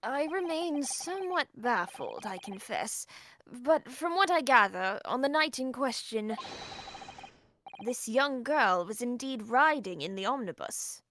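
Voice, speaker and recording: A woman's voice: fairly high pitch, expressive, a little slow, fairly bright tone, a little hiss or hum. A woman voicing a pompous elderly British judge in a stately, formal manner on a game stream. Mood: stern. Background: background music.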